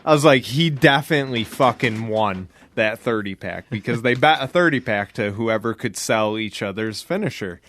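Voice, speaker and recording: A man's voice: medium pitch, animated, a bit bright. Laid-back man in profane podcast chat. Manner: laughs often, drawn-out swearing recollections. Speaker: podcast guest or co-host.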